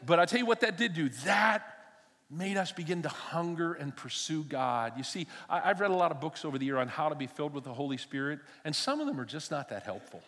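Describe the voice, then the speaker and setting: A man's voice: on the high side, animated, a little fast, fairly bright tone, in a large hall. An older man preaching a sermon from a church stage. He tells stories animatedly, acts out the dialogue and adds humorous asides. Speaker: pastor.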